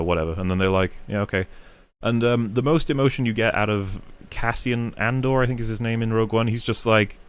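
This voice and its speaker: Man, lowish pitch, podcast host, rambling, swears a lot, animated retelling. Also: clear, resonant tone. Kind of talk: casual podcast discussion.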